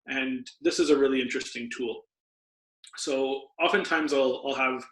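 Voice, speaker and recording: Bright-voiced man explaining health tips. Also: medium pitch. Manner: patient, explanatory, lecturing tone. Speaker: podcast guest, doctor. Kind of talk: explanatory podcast interview. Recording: roomy echo.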